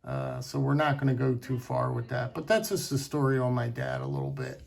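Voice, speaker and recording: Brief: middle-aged male knife vlogger with a deeply gravelly, fry-heavy voice, sentimental and halting. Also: lively intonation, a little mellow. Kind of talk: casual storytelling to camera.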